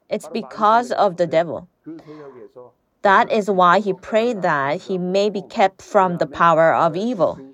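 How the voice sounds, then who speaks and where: Woman, sermon, earnest, questions for the listeners, lowish voice. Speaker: preacher.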